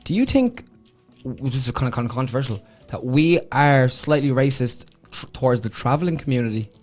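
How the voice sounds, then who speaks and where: A man's voice: mid-range voice, lively intonation, fairly quick, faint music behind. An Irish man co-hosting a podcast, reading out listener comments and chatting in a jokey, eager way. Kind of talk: casual chat.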